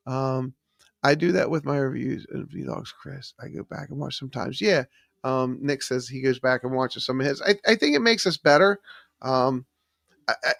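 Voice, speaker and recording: A man's voice: fairly high pitch, gravelly, fairly bright tone, no room sound. A man hosting a live trivia stream from his studio, reading out viewers' chat answers with lots of ums. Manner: reads chat names aloud, many fillers. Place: home studio. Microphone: studio microphone.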